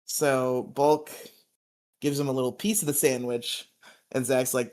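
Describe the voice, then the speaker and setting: A man's voice: medium pitch, flat delivery, a little slow, a little mellow. A man co-hosting a podcast and recapping an episode in a loose, casual chat, laughing often. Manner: laughs often, quotes characters in put-on voices. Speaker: podcast co-host.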